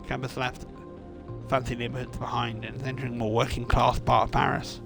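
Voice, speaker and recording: A man's voice: mid-range voice, flat delivery, a little fast, gravelly, a bit bright, soft background music. A man streaming a game, reading its narration aloud and making wry, casual remarks.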